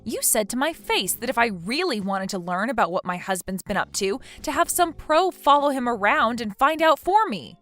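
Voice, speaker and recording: A woman's voice: on the high side, big pitch swings, normal speed, hardly any pauses, a bit bright, soft background music. A woman voicing Miriam, an indignant betrayed wife. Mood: accusing. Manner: accusing, indignant. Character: betrayed wife confronting her cheating friend. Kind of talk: text message story dialogue.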